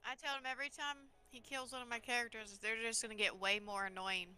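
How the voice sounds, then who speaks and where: A woman's voice: on the high side, level tone, fast talker, noisy background. A woman playing a tabletop game over voice chat, shy and hesitant, giggling as she talks. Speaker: player.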